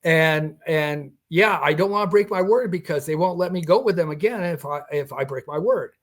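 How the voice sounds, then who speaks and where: Speaking at a moderate pace in a voice on the high side, an older male podcast guest tells a story from his own life. He voices the dialogue of the encounter himself and chuckles as he goes.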